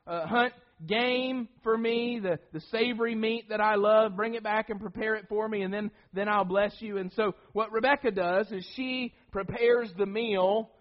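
A man's voice: high-pitched, steady tone, moderate pace, hardly any pauses, muffled recording. A man preaching a sermon, emphatic, often repeating words and restarting phrases.

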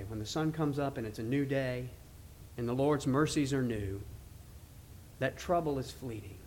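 A man preaching a sermon, reading scripture aloud slowly and with emphasis before explaining it. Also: mid-range voice, a little mellow, a little hiss or hum.

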